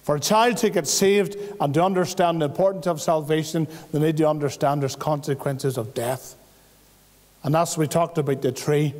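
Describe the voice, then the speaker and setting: Northern Irish man preaching, earnest and pleading, higher voice, long church reverb. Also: moderate pace, darkish tone. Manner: earnest, pleading, with homely everyday examples. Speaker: visiting preacher. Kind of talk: evangelistic church testimony preaching. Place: church hall.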